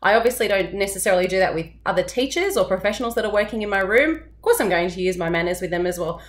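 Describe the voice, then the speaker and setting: A woman's voice: medium pitch, expressive, fast. A woman who teaches, talking unscripted to camera in a casual, direct way, explaining a classroom technique with a few fillers. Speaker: teacher and channel host. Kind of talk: unscripted advice talk to camera.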